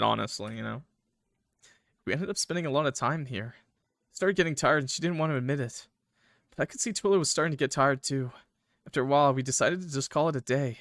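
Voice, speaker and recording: Jokey young man with a bright voice. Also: medium pitch, brisk, vocal fry, long pauses, dry recording, clean studio sound. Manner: jokey, laughs often, talks to chat. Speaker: gaming streamer. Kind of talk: casual game commentary.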